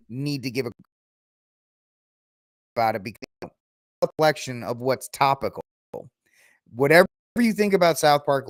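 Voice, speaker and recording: A man's voice: mid-range voice, no echo, studio quality. A man hosting his own podcast, giving a ranting, sarcastic solo commentary with mocking asides. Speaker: podcast host.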